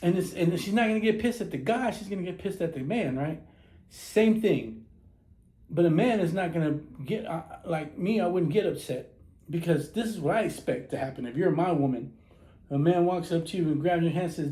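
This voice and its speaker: A man's voice: high voice, moderate pace, mellow. A man talking casually to his viewers in a blunt, profane, opinionated rant, acting out the lines he quotes. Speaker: social media vlogger. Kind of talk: casual ranting monologue to camera. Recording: echoey room.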